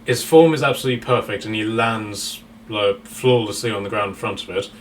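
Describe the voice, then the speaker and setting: A man's voice: on the low side, fairly quick, recorded from a distance, slight background noise. A man narrating a tabletop game as game master, rambling with many fillers and restarts.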